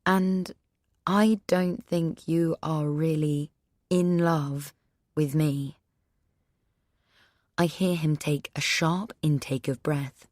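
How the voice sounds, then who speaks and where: Slow low-voiced woman narrating. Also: steady tone, a little mellow, no room sound, clean studio sound. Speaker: audiobook narrator. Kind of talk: first-person scripted narration.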